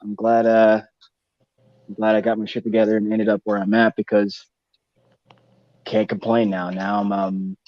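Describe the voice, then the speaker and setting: Laid-back young male co-host, deep-ish, loose slangy storyteller, muffled dry mic. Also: little pitch movement, normal speed, pauses often, no room sound. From Texas. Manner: rambling, slangy, many fillers and restarts. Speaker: podcast co-host. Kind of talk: casual storytelling chat. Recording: dull dry studio sound.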